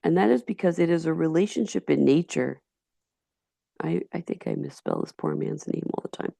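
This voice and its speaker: Gravelly low-voiced teacher with a Yonkers accent. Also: female voice, moderate pace, warm tone, no echo. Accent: Yonkers, New York. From Yonkers, New York. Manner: chatty, digressive, with frequent restarts. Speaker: high school chemistry teacher. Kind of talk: recorded slideshow lecture.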